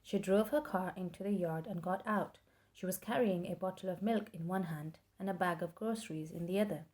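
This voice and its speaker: A woman reading a children's story aloud with lively, expressive storytelling. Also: lowish voice, a little fast, slightly rough, dry recording. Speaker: storybook reader.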